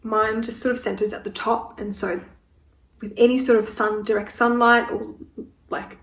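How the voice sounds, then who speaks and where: With a fairly high voice, flat delivery, and a moderate pace, a twenty-something beauty vlogger films a get-ready-with-me Q&A as she applies makeup. She speaks frankly, becomes emotional, and is sometimes tearful, and the audio comes from a distance in an echoey room with faint noise.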